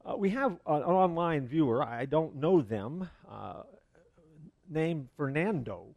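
A male pastor preaching a sermon in a relaxed, conversational way, full of fillers and asides. His voice sits higher than most men's. The sound is close and dry, with no room echo. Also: unhurried. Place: church.

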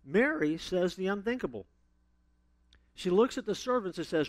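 A man preaching a sermon, telling stories with sudden loud emphasis and playful asides. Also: sits high, sing-song, moderate pace, dry recording.

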